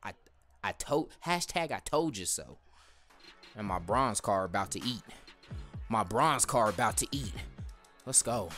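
Hyped man shouting over gameplay. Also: on the low side, animated, measured pace, pauses often, soft background music. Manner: hyped, shouts at plays, slangy trash talk. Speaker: gaming video host. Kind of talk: excited gameplay commentary.

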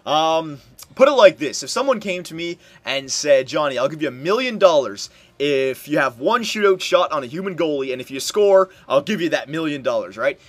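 A young man giving casual commentary while playing a hockey video game, muttering one moment and yelling in frustration the next. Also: a little high, normal speed, no echo. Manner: excitable, swings from muttering to loud outbursts. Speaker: gameplay commentator.

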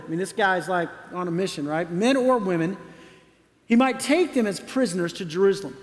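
A man's voice: high voice, in a large hall. A man preaching a conversational sermon as pastor, often putting questions to his listeners.

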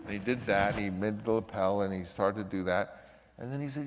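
An older man with a fairly low voice tells a story in an interview, animated and lively, acting out other people as he goes. His voice trails off in a long reverb, as if in a large space. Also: fairly quick, slight background noise. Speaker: filmmaker recalling a casting story.

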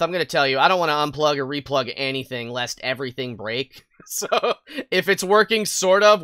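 A young American man chatting playfully while streaming a game, prone to excited squeals. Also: mid-range voice, smooth, dry recording, studio quality. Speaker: VTuber streamer. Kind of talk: casual gaming stream chat.

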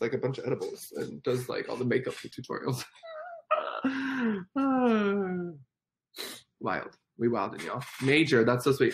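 Man, 20s, livestream host, excitable and giggly, lively pitch. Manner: giggly, chatty and excitable, laughs often. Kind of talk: casual livestream chat, reading comments.

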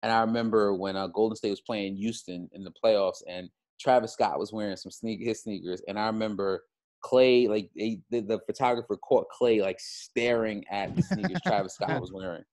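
Low-voiced man rambling in casual chat. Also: normal speed, a little mellow. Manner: rambling, full of "you know" fillers. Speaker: podcast co-host.

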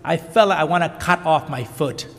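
A man delivers a sermon in short phrases, his voice a bit high for a man and full of feeling. He often halts and repeats himself. A long church-hall reverb trails each line. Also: fairly bright tone. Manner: emotional, halting, repeats words. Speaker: preacher. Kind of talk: sermon with live interpretation.

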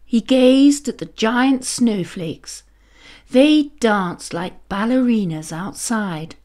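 A woman narrating a children's bedtime story, gentle, expressive and soothing. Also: on the high side, takes it slowly.

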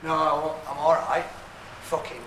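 A man's voice: on the high side, steady tone, normal speed, lightly acted. A man playing a heartbroken young man raging. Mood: anguished. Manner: sweary, pleading and shouting in distress. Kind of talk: television drama acting. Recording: roomy with background noise.

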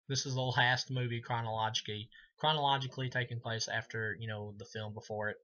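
A man's voice: mid-range voice, fairly even intonation, fast talker, few pauses, bright, forceful tone, lo-fi sound. A man giving a casual, profane movie review, rambling with many fillers and laughing at his own jokes. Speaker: film reviewer.

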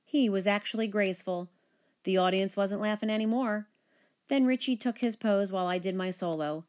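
A woman teacher reading a children's picture book aloud, with expressive, animated storytelling. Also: medium pitch, moderate pace.

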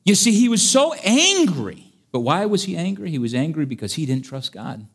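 A man preaching a sermon in an animated, humorous way, acting out scripture stories as he teaches. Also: fairly high pitch, normal speed, husky.

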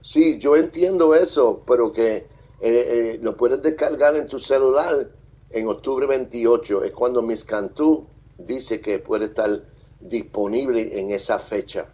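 A man live streaming, reading viewer comments aloud and thanking them in a halting, friendly way. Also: medium pitch, mellow, low-quality recording. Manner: halting, with many fillers and restarts. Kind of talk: casual live-stream chat.

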